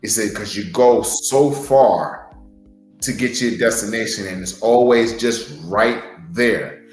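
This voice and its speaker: A man co-hosting a podcast, giving advice in an earnest way with stumbling restarts. His voice sits fairly low. The sound is roomy and echoey, with faint music behind him. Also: takes it slowly. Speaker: podcast co-host and wrestler. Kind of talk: casual motivational talk.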